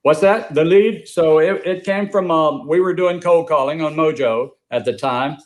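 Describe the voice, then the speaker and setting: A man's voice: fairly high pitch, normal speed. An older man with a Louisiana accent, a guest on a live video call, explaining a deal in an easygoing, plain-spoken way. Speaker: guest investor.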